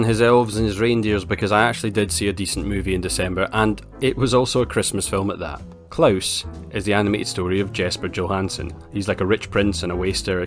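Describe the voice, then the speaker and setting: Low-voiced wry Scottish man. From Scotland. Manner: wry, blunt and sarcastic. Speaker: film reviewer. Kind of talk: casual film review monologue.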